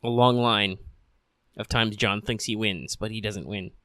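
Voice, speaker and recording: A man's voice: lowish voice, measured pace, no echo. Tired guy riffing on a film, sarcastic and swearing, dry close mic. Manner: sarcastic, deadpan and profane. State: sleepy, yawning. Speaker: film commentator. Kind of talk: riffing movie commentary. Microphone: home podcast mic, no camera.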